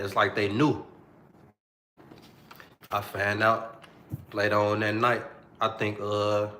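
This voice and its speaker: A man's voice: lowish voice, sharp tone, roomy sound. A young man telling a personal story to the camera in a slangy, repetitive, heartfelt way.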